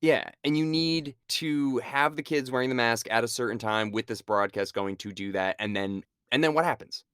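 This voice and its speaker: A man's voice: mid-range voice, normal speed, hardly any pauses, clear, resonant tone, no room sound, studio quality. A young man co-hosting a podcast, talking through a movie in casual chat, swearing and laughing as he goes. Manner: animated, swears and laughs often. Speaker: podcast co-host.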